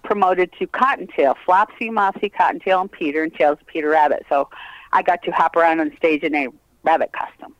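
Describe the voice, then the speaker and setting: A woman's voice: low-pitched, fairly quick, no room sound, highs cut off. An older woman telling funny stories in a casual interview, laughing often as she talks. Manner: lively, laughing storyteller. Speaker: guest, host's mother.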